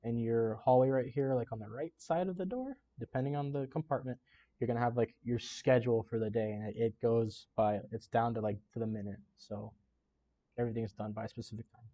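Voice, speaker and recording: A man's voice: medium pitch, fairly quick, dark tone. Chatty man reacting, lo-fi sound. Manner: chatty, emotional, many "like" fillers. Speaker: YouTuber reacting to a Navy boot camp video. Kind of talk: casual reaction vlog.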